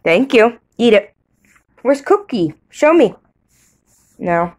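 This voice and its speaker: A mother coaxing her toddler with slow, sing-song questions. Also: fairly high pitch, very animated, a little mellow.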